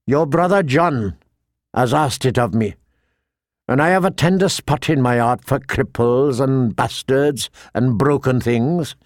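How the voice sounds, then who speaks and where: A man's voice: mid-range voice, a little slow, no echo, close to an everyday voice. A man voicing a wry, sardonic dwarf lord. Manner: dry mocking wit, drawling asides. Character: wry sardonic dwarf nobleman, male adult. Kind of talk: audiobook character voice.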